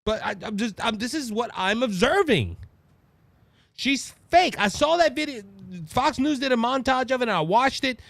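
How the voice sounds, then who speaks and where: A man with a Cajun Louisiana accent hosting his own show, giving animated, mocking political commentary full of restarts and asides. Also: very high voice, moderate pace, creaky, dry recording. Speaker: podcast host.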